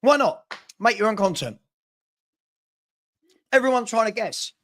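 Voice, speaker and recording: With a high, a bit bright voice, lively intonation, and a measured pace, a man runs a casual football live stream. His talk comes in exasperated bursts, repetitive and marked by stumbling restarts.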